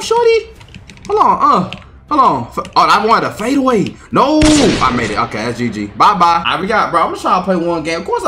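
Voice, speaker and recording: A man's voice: fairly high pitch, sharp tone, slight background noise. Hyped young man trash-talking through gameplay. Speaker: gaming YouTuber. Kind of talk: gameplay commentary.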